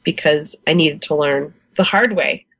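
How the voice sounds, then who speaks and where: A woman's voice: low-pitched, a little slow, fairly bright tone, dry recording, poor audio. A woman in her forties from the United States, a guest beekeeper chatting in an interview, enthusiastic and laughing often. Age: 40s. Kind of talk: casual interview chat.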